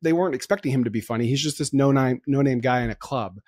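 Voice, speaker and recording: A male podcast host chats loosely and casually, excitable and quick to laugh as he hops between ideas. His medium-pitched, mid-range voice moves at a quick pace and is recorded close and dry.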